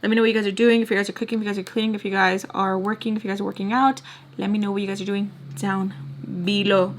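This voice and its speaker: A woman's voice: mid-range voice, level tone, very fast, slight background noise. A young woman talking straight to her viewers in a casual vlog, rambling and emotional, close to tears. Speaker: storytime vlogger.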